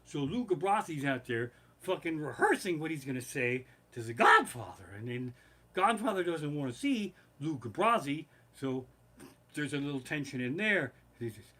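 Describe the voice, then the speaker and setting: A man's voice: a little high, normal speed. A man doing comedic storytelling on a live stream from his living room, rambling, swearing freely and getting heated. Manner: profane, rambling and animated. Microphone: basic home streaming setup.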